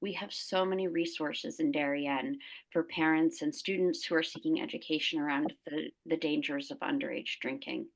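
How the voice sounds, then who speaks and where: A woman's voice: low voice, steady tone, moderate pace, low-quality recording. A woman moderating a webinar, politely asking the panel questions.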